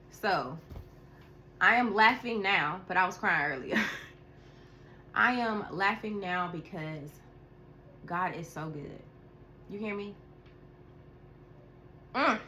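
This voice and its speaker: A chatty woman vlogger telling a story in a bright, crisp voice. She is animated and expressive, laughing and sighing as she goes. Faint ambient noise sits under her voice. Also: mid-range voice. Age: adult with a school-age daughter. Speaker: tarot reader. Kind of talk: casual storytelling vlog.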